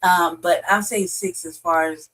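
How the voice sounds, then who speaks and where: A woman's voice: fairly low pitch, fairly even intonation, unhurried, a bit bright, poor audio. A woman co-hosting a podcast in casual chat, blunt and swearing, with many restarts and fillers. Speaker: podcast co-host.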